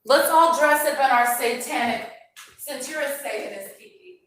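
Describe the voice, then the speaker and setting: A woman's voice: sits high, moderate pace, a bit bright, roomy sound. A woman hosting a livestream, ranting in a mocking, combative, sarcastic way. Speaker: livestream host. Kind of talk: heated livestream rant.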